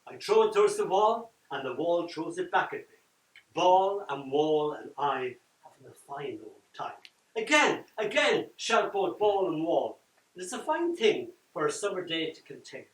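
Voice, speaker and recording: Older man, poetry reading, dramatic loud-to-whisper delivery, slightly high voice, far from the mic. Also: animated, moderate pace. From Ireland. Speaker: poet. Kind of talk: live poetry reading with chat. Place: event room at a book launch. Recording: roomy echo from far off.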